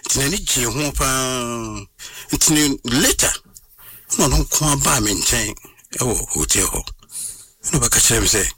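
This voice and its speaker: A man, recounting a personal story as an interview guest in an animated way and slipping into English phrases. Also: mid-range voice, a little slow, breathy edge, recorded from a distance. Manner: animated, mixes in English phrases, acts out what others said.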